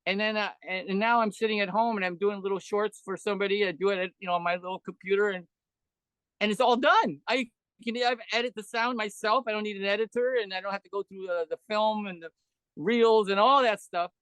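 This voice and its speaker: Older man telling stories, high-pitched. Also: steady tone, a little fast, fairly bright tone, clean tone, no room sound. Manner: rambling storyteller who acts out quoted voices. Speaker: podcast guest, veteran animator. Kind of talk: casual interview chat.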